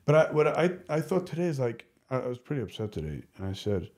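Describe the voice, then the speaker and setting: A man speaking as a podcast guest, telling candid personal stories in an animated, rambling way, often restarting his sentences. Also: medium pitch, quick pace. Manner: animated, rambling, self-interrupting. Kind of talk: candid conversational storytelling.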